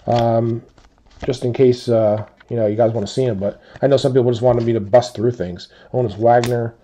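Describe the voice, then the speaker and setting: A man hosting a live sports card break, calmly listing teams and players as he opens packs. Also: mid-range voice. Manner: slow, relaxed listing of teams and cards.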